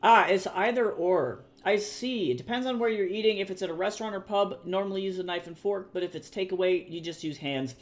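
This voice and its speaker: A man from the US with a high-pitched voice chats loosely with his stream viewers. He reacts to chat and swears freely. Keyboard typing is heard behind him. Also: brisk, few pauses. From United States. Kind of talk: casual livestream chat with viewers.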